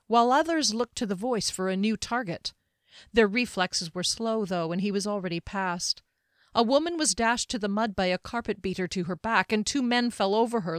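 A woman narrating a fantasy novel in a steady storytelling voice, lifting her pitch when she voices characters. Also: no room sound, clean studio sound. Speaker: audiobook narrator.

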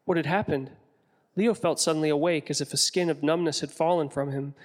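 A man reading a story aloud in a measured, descriptive way, as an audiobook narrator. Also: a little high, fairly even intonation, in a large hall.

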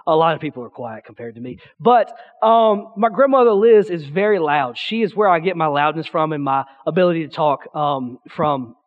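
A young man giving a youth pastor's sermon in a church, a loud, excitable talker who rambles with restarts and acts out the voices in his stories. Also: fairly high pitch, normal speed, few pauses, narrow, tinny audio. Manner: chatty storytelling with restarts, acting out quotes. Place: church sanctuary.

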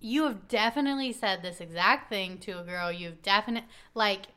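A woman's voice: medium pitch, moderate pace, pushed and bright, clean tone. A woman co-hosting a podcast, chatting casually about a dating show and acting out what people said. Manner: chatty, acts out quotes, laughs often. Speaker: podcast co-host.

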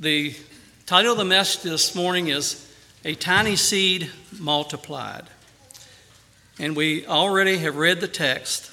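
A man preaching a sermon earnestly, with emphatic rises on key phrases and a quieter, softer voice in prayer. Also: fairly high pitch, measured pace.

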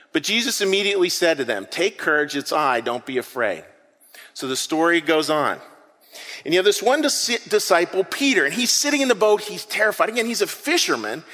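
A man preaching a sermon to his congregation, telling a story with lively acted-out moments. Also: high voice, long reverb tail. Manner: animated storytelling preacher, acts out scenes. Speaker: pastor. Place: church hall with an audience.

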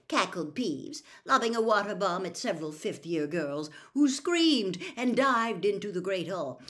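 A woman narrating a children's fantasy novel aloud, expressive and lively. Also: lowish voice, moderate pace, hardly any pauses. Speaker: storyteller. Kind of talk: audiobook reading.

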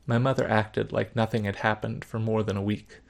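A man narrating a story in the first person, measured, subdued and reflective. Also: lowish voice, flat delivery, creaky.

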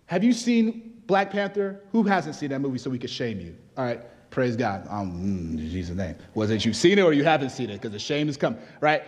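A man from Nigeria preaching to his congregation. His voice sits at an ordinary pitch, moving between relaxed, conversational asides and emphatic, rising exhortation. The sound carries the long reverb of a large hall. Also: brisk, hardly any pauses. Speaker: pastor. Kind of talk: sermon.

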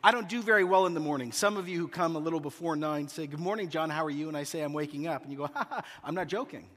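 Pastor, man in his thirties, high bright voice, humorous animated sermon storyteller, long hall reverb. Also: very fast.

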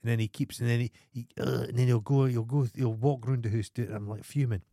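A man's voice: medium pitch, fairly even intonation, fairly quick, mellow, dry recording, studio quality. A Scottish man co-hosting a podcast in casual chat, blunt and ranting with heavy swearing. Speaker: podcast co-host.

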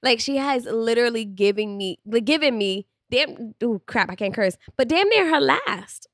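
A woman's voice: on the high side, lively intonation, normal speed, a bit bright, dry recording, clean studio sound. A young woman co-hosting a podcast, chatting candidly and laughing often. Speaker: podcast co-host. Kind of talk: casual chat.

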